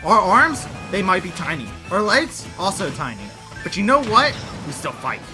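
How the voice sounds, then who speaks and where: An esports commentator doing excitable, jokey play-by-play for a fighting game match. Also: mid-range voice, moderate pace, over music.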